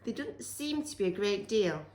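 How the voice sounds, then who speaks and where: A woman's voice: medium pitch, lively intonation, normal speed, darkish tone, reverberant, a little hiss or hum. A woman co-hosting a casual home cooking vlog, teasing and playful as she goes through the ingredients.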